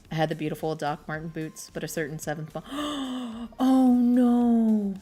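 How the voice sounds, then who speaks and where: A woman's voice: lowish voice, moderate pace, a little mellow. A young adult woman who is a streamer, chatting casually and rambling while she crochets, often poking fun at herself. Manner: rambling, chatty, self-deprecating.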